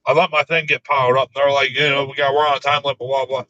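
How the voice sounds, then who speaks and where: A man at medium pitch and quick pace tells crude work stories in casual chat, laughing often and delivering his own quoted replies deadpan. There's no echo, but the highs are cut off.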